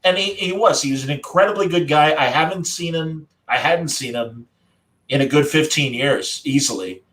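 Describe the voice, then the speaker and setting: Hosting a laid-back group chat, a man reminisces warmly through a story, sounding like the former radio broadcaster he is. His voice is a little high, his speed normal, and the audio poor.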